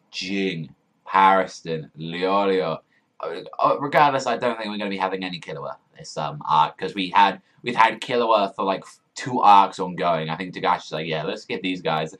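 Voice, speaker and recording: Here a young man's low voice, at a moderate pace, delivers excitable, profane reactions to a manga chapter. It's casual commentary that rambles and is packed with fillers.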